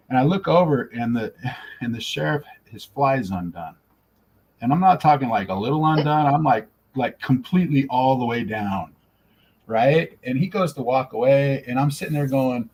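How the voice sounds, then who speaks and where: A man in casual chat, telling an animated anecdote and acting out the quoted lines. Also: mid-range voice, moderate pace, low-quality recording. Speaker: stream co-host.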